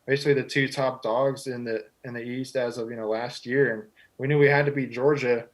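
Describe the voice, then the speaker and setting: This is a young man in his twenties from Texas, chatting as a guest. He sounds modest and relaxed and keeps reaching for "you know" between thoughts. His voice sits at an ordinary middle pitch for a man. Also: fairly quick, poor audio. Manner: easygoing, humble, heavy on "you know" fillers. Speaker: guest, football quarterback. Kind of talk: casual interview answers.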